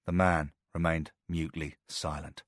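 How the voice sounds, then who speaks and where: A man narrating a thriller audiobook with a steady, measured delivery. His voice sits very low, and the recording is dry and close with no room sound. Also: no room sound.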